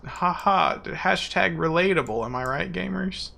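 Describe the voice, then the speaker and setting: A man's voice: high-pitched, measured pace, vocal fry, few pauses, bright, forceful tone, a little hiss or hum. A young man streaming a game, rambling in casual, goofy, self-mocking chatter.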